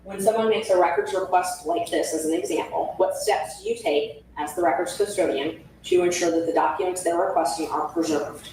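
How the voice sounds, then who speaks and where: A woman's voice: lowish voice, fairly quick, hardly any pauses, mellow. A woman questioning a witness in court, persistent and rephrasing her questions. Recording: echoey room audio from far off, faint hiss.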